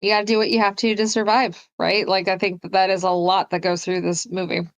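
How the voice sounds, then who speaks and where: A woman co-hosting a casual film discussion, animated and acting out the characters' lines as she retells scenes. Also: brisk. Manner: animated, acts out quotes in a higher voice. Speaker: podcast co-host.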